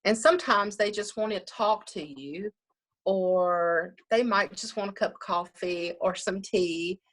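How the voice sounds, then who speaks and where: A woman's voice: medium pitch, measured pace, a bit bright. A woman funeral director talking casually in an interview, chatty, often laughing and acting out what people say.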